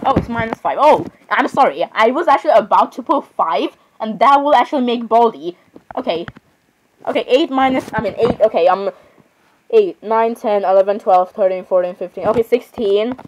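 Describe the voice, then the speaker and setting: A woman's voice: medium pitch, a little mellow, slight background noise, poor audio. A woman giving casual let's-play commentary on a horror game. She is chatty, giggles often, apologizes a lot and talks to the game characters. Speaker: gamer playing a horror game.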